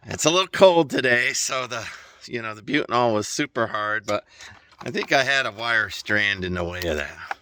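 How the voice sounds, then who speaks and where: This man has a fairly low voice that comes across pushed and bright, delivered animatedly at a moderate pace. He's fixing a trailer tire outdoors on rural land for a casual vlog, short of breath, rambling in a folksy manner and tossing in chuckling asides.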